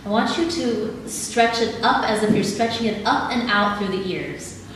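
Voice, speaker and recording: A woman leading a live audience through body exercises in a calm, instructive way, laughing easily. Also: mid-range voice, a little slow. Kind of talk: live talk with guided exercises. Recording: echoey hall, mic at a distance, audible background noise.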